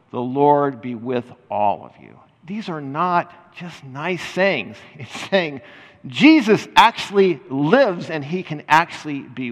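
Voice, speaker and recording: Animated older preacher in reverberant hall. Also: male voice, medium pitch. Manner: animated, conversational preaching with laughs and restarts. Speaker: pastor. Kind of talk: sermon.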